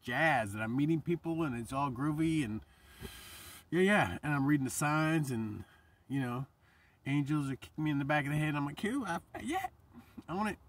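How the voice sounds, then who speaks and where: Male vlogger, husky voice, rambling and animated, mic set back a bit. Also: fairly high pitch, moderate pace, recorded from a distance. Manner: animated, swears freely, voice jumps up when quoting himself. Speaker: vlogger and painter. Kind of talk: casual rambling vlog.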